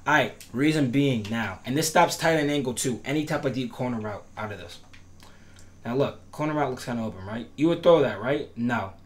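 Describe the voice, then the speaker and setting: A gaming tutorial creator, a man with a medium-pitched, brisk voice, walks through defensive setups in a casual gameplay tutorial. He's instructive and emphatic, repeats himself, makes emphatic promises, and his voice cracks now and then.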